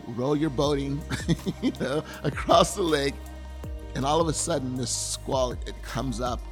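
A man preaching a sermon, retelling a scripture story with earnest, vivid storytelling and acting out the scene. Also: medium pitch. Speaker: pastor.

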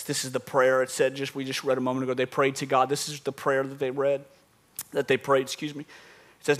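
Delivering a sermon, a male pastor acts out small phone calls and repeats phrases to drive his message home. His medium-pitched voice barely moves in pitch and runs a little fast.

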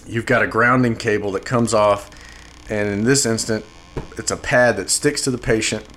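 A man with a fairly low voice talks casually, telling a long anecdote. He restarts and repeats words as he goes, stumbling his way through the story. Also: fairly even intonation, moderate pace, fairly bright tone, slight background noise. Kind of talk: casual podcast chat.

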